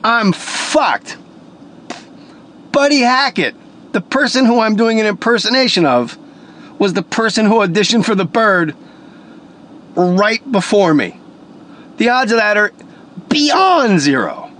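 Brief: male voice actor, punchy and profane storytelling, slightly high voice. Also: animated, normal speed, pauses often, fairly bright tone, a little hiss or hum. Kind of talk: casual motivational storytelling.

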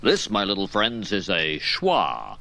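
A dramatic, lively teacher. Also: male voice, low-pitched, takes it slowly, creaky, heavily acted. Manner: expressive, dramatic. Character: theatrical male teacher, lively and knowing. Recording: clip with noise behind.

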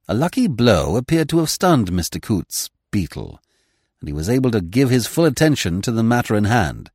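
A man reading a classic comic novel aloud in measured, expressive narration. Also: fairly low pitch, slightly rough, no room sound, clean studio sound. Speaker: audiobook reader.

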